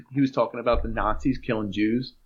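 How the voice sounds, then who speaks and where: A man's voice: medium pitch, moderate pace, breathy edge. Man, 30s, podcast co-host, laughs through anecdotes, muffled lo-fi sound. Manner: laughs while telling stories. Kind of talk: casual chat. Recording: dull lo-fi sound.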